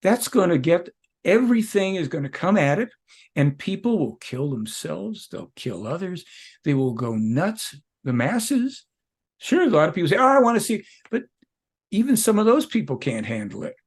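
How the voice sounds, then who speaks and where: Emphatic, husky-voiced man being interviewed. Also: fairly high pitch, very animated, moderate pace, darkish tone. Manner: emphatic, rambling, with self-corrections. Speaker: interview guest. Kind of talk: conversational interview.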